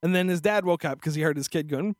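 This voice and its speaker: A man's voice: high-pitched, no room sound. A male podcast host telling a story in a crude, profane, sarcastic rant into a studio microphone. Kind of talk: casual ranting storytelling.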